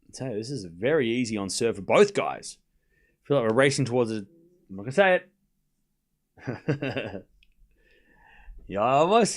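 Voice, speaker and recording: A man's voice: mid-range voice, sing-song, moderate pace, long pauses. A young Australian man hosting a live stream, calling points and chatting with viewers between rallies. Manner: chatty, laughs often, calls points between chat replies. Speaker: streamer and host. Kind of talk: live watchalong commentary, reading chat.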